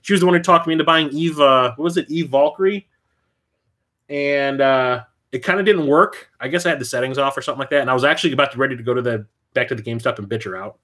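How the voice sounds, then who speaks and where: A man hosting a casual livestream, telling stories in an animated way and swearing freely. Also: mid-range voice. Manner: animated storyteller, swears freely, quick bursts of excitement. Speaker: livestream host.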